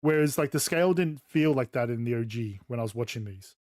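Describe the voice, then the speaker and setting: A man chatting loosely while playing a game, swearing and telling animated stories. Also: medium pitch, a little fast, no echo. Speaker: gaming channel host. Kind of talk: casual chat while playing.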